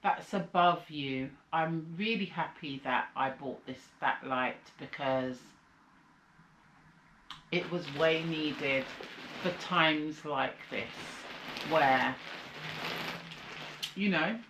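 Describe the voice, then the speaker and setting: Tired chatty woman, slow and low. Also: fairly bright tone, roomy sound, slight background noise, rough recording. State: slight cold, sucking a lozenge. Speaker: vlogger. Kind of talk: casual chat.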